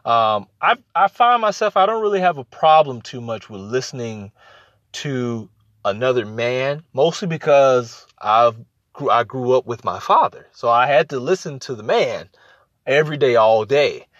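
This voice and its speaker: A man's voice: medium pitch, animated, normal speed, a bit bright, dry recording, lo-fi sound. A man talking casually about listening in relationships, repeating his points and acting out little exchanges as he goes. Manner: conversational, repeats phrases for emphasis, acts out quoted exchanges. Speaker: podcast host. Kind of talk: casual advice talk.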